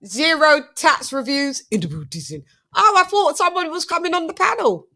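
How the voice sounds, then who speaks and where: This is a woman running a casual boxing livestream. Her voice is bright and crisp and sits somewhat high for a woman. She keeps things playful and chatty, teasing her co-host and greeting viewers. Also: expressive, normal speed. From United Kingdom. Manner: chatty, playful, laughs often, gives shout-outs to chat.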